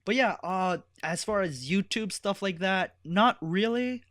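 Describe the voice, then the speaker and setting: A man's voice: sits high, a little slow, fairly bright tone, no room sound, clean studio sound. A young man guesting on a podcast, chatting casually in a laid-back way, saying "like" a lot. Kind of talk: casual chat.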